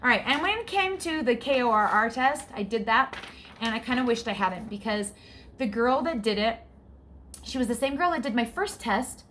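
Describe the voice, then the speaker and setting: Vlogging with frank, chatty energy, a woman in her forties gets exasperated at times while her breathing comes through often. Her slightly high voice is expressive and fairly bright, at normal speed, over a little hiss or hum.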